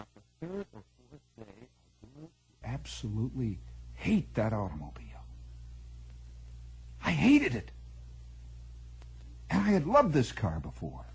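A man telling a long personal story in an animated, conversational way, repeating words for emphasis. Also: fairly high pitch, vocal fry, husky, poor audio. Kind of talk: spoken storytelling monologue.

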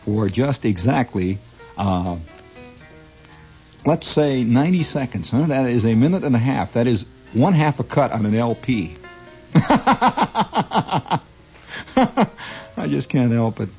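A man's voice: mid-range voice, very animated, takes it slowly, pauses often, darkish tone, highs cut off, faint music behind. A middle-aged man performing a comedy monologue as one side of a conversation, talkative and argumentative, stammering and restarting, with chuckles at his own lines.

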